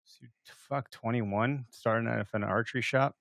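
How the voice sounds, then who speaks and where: A man's voice: medium pitch, steady tone, fairly quick, gravelly, fairly bright tone, dry recording. Man, podcast host, casual, joking, swears a lot, dry recording. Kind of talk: casual chat.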